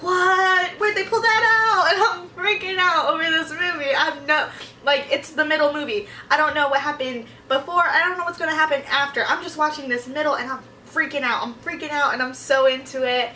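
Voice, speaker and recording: A bright, forceful young woman chatters through a rambling vlog, her voice sitting a little high. She tells her stories excitably and acts out her own reactions. She sits back from the mic in a roomy, echoing space. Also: slight background noise. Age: young adult. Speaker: vlogger. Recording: echoey room, mic at a distance.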